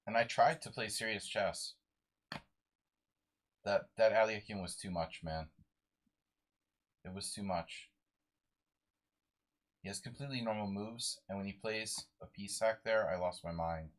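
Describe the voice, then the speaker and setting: A man's voice: lowish voice, measured pace, pauses often. A sleep-deprived man streaming a live chess game, muttering moves to himself and chatting with viewers.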